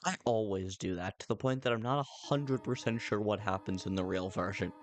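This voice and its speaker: A man's voice: fairly low pitch, fairly quick, soft background music. A man streaming a video game, chatting casually in a rambling, playful way and often correcting himself. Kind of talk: casual livestream chat.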